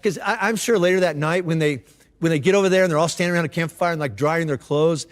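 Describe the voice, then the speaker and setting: High-voiced pastor in an echoing hall. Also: male voice, fast talker. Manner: casual and conversational, with slang and restarts. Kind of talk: sermon.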